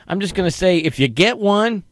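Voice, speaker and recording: A man's voice: sits high, lively intonation, moderate pace, no room sound. Self-deprecating male radio host. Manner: self-deprecating, stammering restarts. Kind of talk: casual morning radio banter.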